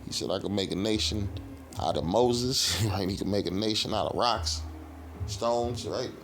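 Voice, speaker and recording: A man teaching scripture in a rough, profane street style, reading verses and asking "right?" again and again. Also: on the low side, normal speed, a bit bright, soft background music. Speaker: street preacher.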